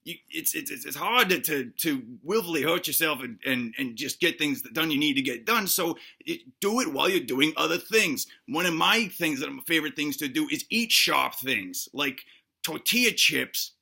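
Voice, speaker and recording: A gravelly, bright-edged voice of a dim-witted cop played by a man, rambling through absurd health tips with constant stammers and restarts. The tone is tense and cutting yet husky, and he boasts with clueless confidence. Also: fairly high pitch, lively intonation, normal speed, full character voice. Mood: boastful. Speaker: comedy sketch performer. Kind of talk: comedic character monologue.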